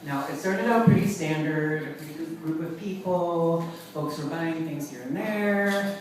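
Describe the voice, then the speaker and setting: A man from Long Island telling a comic story on stage, wry and animated with self-mocking asides. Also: a little high, a little slow. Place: live performance venue with audience. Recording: echoey room, far from the mic, audience laughter.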